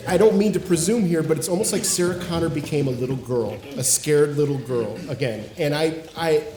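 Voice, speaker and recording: A man's voice: fairly high pitch, fairly quick, warm tone, reverberant, slight background noise. A man in his forties, co-hosting a casual podcast, talking earnestly and reflectively with casual swearing. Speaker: podcast co-host. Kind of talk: casual chat.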